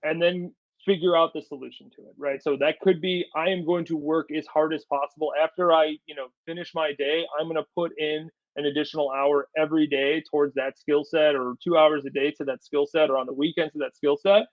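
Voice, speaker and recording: Emphatic man, slightly high voice. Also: fairly quick, hardly any pauses, dry recording, highs cut off. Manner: energetic, repeats words for emphasis. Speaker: podcast guest, company storyteller. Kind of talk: casual business interview.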